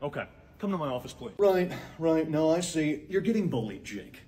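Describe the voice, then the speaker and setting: A young man performing one-man comedy sketches, switching between sarcastic, shouting and soft-spoken characters. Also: a little high, sing-song, normal speed.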